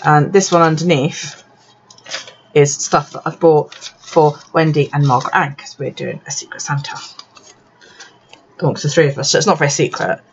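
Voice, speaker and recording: A woman's voice: low voice, steady tone, normal speed, pauses often. A tipsy woman chatting casually as she works on her journal, swearing and laughing often. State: tipsy, drinking. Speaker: bullet journal vlogger. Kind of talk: casual chat while crafting. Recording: dull lo-fi sound, faint background noise.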